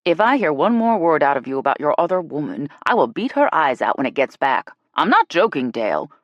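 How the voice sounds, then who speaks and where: A woman voicing a chatty, dramatic mother who talks up a storm, with lively, exaggerated scolding. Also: low voice, a little fast, no echo, muffled recording. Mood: indignant.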